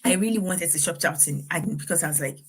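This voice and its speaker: A woman's voice: lowish voice, fast, a little hiss or hum. A middle-aged woman giving earnest, faith-based parenting advice, laughing now and then as she talks. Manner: earnest, advising, laughs often. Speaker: parenting speaker.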